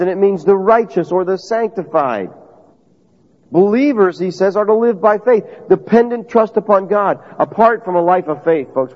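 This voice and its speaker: A man preaching a sermon in an emphatic, conversational way, putting questions to his listeners. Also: sits high. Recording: dull lo-fi audio with long reverb.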